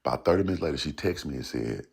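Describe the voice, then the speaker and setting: A man, a songwriter guest, telling a personal story casually, rambling and halting in places. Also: extremely low pitch, expressive, creaky, darkish tone, breathy edge. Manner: loose, rambling, repeats "you know what I'm saying".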